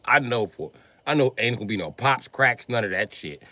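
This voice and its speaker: A man's voice: mid-range voice, fairly quick, bright, forceful tone, no room sound. A man doing a profane, mocking comedy rant on a live stream, often laughing as he talks.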